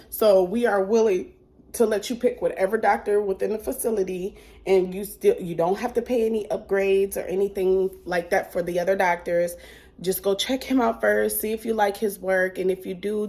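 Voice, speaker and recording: A woman's voice: medium pitch, a little mellow. A woman telling a storytime vlog into a phone held at arm's length, acting out a phone call as she goes. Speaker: vlogger.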